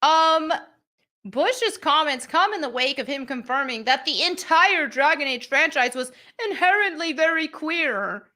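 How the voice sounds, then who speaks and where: Bright-voiced, blunt woman host. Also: high-pitched, lively intonation, unhurried. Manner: blunt, sarcastic, indignant. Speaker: livestream show host. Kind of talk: opinionated live commentary.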